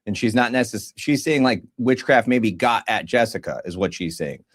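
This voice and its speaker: This podcast co-host speaks at normal speed in a lowish voice, recounting a story with plenty of slang. He brings it to life by performing the other people's lines himself.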